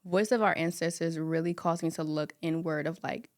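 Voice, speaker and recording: A woman's voice: deep voice, fairly even intonation, moderate pace, a little mellow. A young woman in her twenties, a podcast guest in casual chat, speaking emphatically and repeating phrases for effect.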